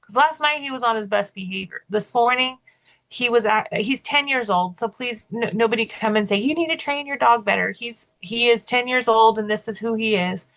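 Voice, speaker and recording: A woman with a fairly bright, high-ish voice tells a story at a moderate pace, and the recording is rough. She co-hosts a podcast and also works as a keynote speaker, and her chatty delivery is full of "like" fillers and restarts in this casual conversation.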